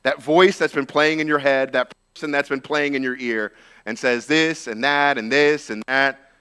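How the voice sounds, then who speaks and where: A man preaches a relaxed, conversational sermon with a bright, forceful voice. He retells the story informally, with lots of "like" and "right?" tossed in. His pitch sits in the middle for a man. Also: moderate pace, smooth. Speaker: pastor.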